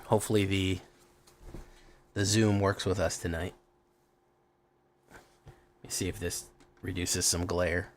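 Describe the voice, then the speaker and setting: A man's voice: deep voice, little pitch movement, measured pace, long pauses, a little hiss or hum. A man hosting a live stream, chatting loosely with his viewers, greeting them by name and muttering at his camera as he goes. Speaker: streamer host.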